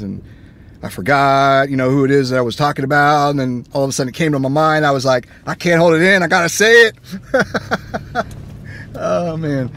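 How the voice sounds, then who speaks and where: A man chatting casually from his car while driving, telling stories in an animated way and acting out both sides of each exchange. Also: fairly high pitch, brisk. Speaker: gaming vlogger. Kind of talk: casual chat. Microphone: phone camera. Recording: faint road noise inside a moving car. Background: faint car and road noise.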